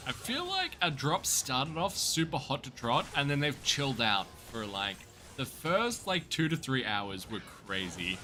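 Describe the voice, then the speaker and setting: A man's voice: mid-range voice, wildly swooping pitch, a little slow, pushed and bright, soft background music. Upbeat Australian man streaming a game. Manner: upbeat, jokey, chatting to viewers while playing. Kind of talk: casual gaming livestream chat.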